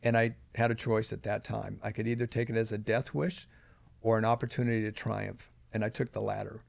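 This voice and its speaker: A man's voice: fairly low pitch, level tone, fairly quick, vocal fry, a little mellow, no echo. An older man, a podcast guest, telling a personal story earnestly and with emphasis at key moments.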